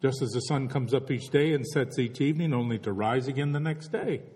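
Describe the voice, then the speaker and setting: A man's voice: medium pitch, fairly quick, a little mellow, big-room sound. A man delivering a reflective sermon as a pastor, full of rhetorical questions.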